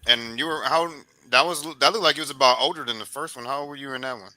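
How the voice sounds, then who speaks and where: A man hosting a sports podcast interview, talking in a loose, encouraging, coach-like way and beating out rhythms with repeated boom sounds. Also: fast talker, sharp tone, no echo, rough recording. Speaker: podcast host. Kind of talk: casual sports interview chat.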